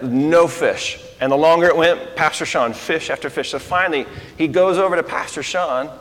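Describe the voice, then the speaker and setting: A man's voice: fairly high pitch, fairly bright tone. Preaching man in a reverberant hall. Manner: joking storyteller turning earnest preacher. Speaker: pastor. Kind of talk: sermon. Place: air-conditioned church hall.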